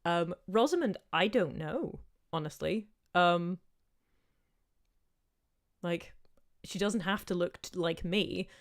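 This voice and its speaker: A woman in her thirties with a softened Northern Irish accent, chatting casually as she answers viewer questions on a livestream, rambling with plenty of "um" and "like". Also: fairly low pitch, slow, long pauses. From Northern Ireland. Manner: chatty and rambling, with many "um" and "like" asides.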